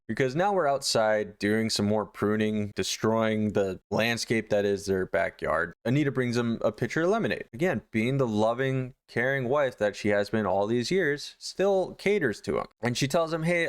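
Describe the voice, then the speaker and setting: Man giving a crude, sarcastic recap. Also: medium pitch. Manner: crude, sarcastic, acts out characters in exaggerated voices. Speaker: host. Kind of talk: comedic episode recap.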